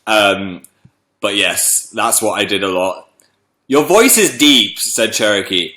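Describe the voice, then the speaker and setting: A man's voice: lowish voice, expressive, takes it slowly, pushed and bright, reverberant. A young man casually chatting on a livestream, greeting viewers by name, a little congested from a cold. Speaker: livestream host.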